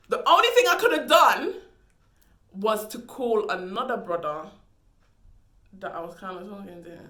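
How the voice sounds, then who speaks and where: A young woman tells a story with lots of drama and casual slang. Her voice is bright and sharp, and it echoes around a bare room. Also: mid-range voice. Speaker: vlogger. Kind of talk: storytime vlog.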